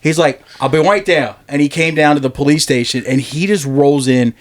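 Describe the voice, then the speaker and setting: A man spinning a loose, profanity-laced story in casual podcast chat, breaking into laughter along the way. His voice sits a little higher than most men's. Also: normal speed.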